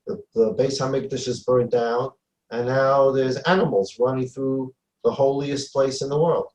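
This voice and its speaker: A man's voice: mid-range voice, steady tone, normal speed, a little mellow, reverberant, poor audio. A man giving a Torah class as a rabbi, emphatic, repeating phrases and acting out dialogue. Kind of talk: Torah lecture.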